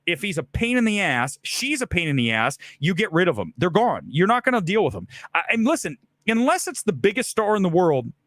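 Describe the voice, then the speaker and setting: A man's voice: high-pitched, a bit bright, no echo. A middle-aged man hosting a live film talk show, speaking bluntly and profanely and acting out quoted lines. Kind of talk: live solo commentary, ranting.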